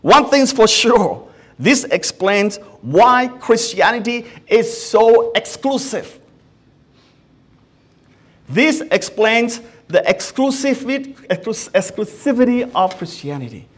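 Male pastor, high voice, earnest sermon with frequent restarts. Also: expressive, slow. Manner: earnest, asks the listeners many questions; often restarts words mid-sentence.

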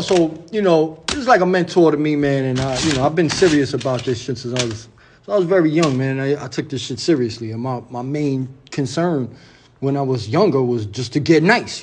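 A man's voice: a little high, darkish tone, a little hiss or hum. A man in his forties with a New York accent, a beatmaker telling stories in a laid-back, slangy way. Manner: laid-back street slang, lots of "you know what I'm saying". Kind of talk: casual storytelling vlog.

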